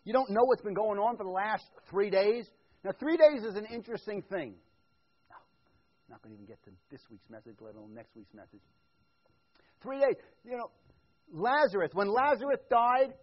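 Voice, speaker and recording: A man preaching a conversational sermon as pastor, shifting from quiet asides to loud, emphatic build-ups. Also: high-pitched, muffled recording.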